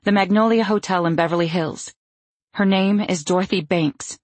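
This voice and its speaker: A woman doing a stern, brisk mother. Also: fairly low pitch, no echo, pitched above the performer's own voice, close to an everyday voice. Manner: brisk, clipped and firm. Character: stern, protective middle-aged mother, brisk and forceful.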